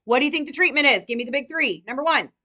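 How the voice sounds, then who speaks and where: Bright-voiced woman quizzing a class. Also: high-pitched. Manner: energetic, quizzing students with rapid questions. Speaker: nursing tutor. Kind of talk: live classroom lecture.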